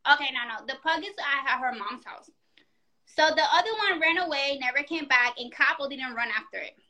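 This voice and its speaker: A woman in casual chat, telling a story in an animated, profane way and acting out the quotes. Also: high-pitched, fairly quick.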